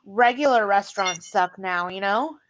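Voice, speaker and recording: A woman hosting a casual live-stream chat, profane and excitable, laughing often. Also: medium pitch, moderate pace, a little hiss or hum, rough recording. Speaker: live stream panel host.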